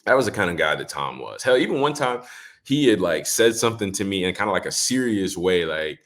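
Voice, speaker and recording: A young man with a very deep voice tells stories on a podcast, loose and rambling. He leans on fillers and acts out what others said. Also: a little fast. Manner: relaxed, rambling with many "like" fillers, acts out quotes. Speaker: guest, former running back. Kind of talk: casual podcast storytelling.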